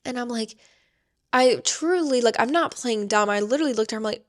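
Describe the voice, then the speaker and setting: A young woman in her twenties tells a personal story to camera while seated indoors. She talks in a chatty, rambling way, with "like" dropped into almost every phrase. Her voice sits a little high for a woman. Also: brisk. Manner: chatty, many filler "like"s. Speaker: vlogger.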